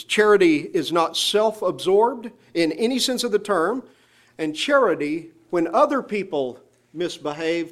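Guy preaching a sermon, kinda high voice, leans hard on key words and slows way down on them. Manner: emphatic, slows down on scripture phrases.

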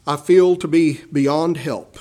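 A male preacher giving a sermon with dynamic swells and hushed drops, often calling his listeners beloved. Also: on the high side, takes it slowly.

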